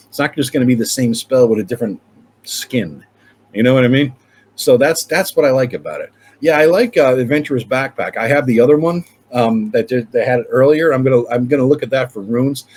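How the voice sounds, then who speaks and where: A man's voice: mid-range voice, slight background noise. A middle-aged man, a lawyer hosting his own channel, talking in a blunt, profane, rambling casual monologue full of restarts.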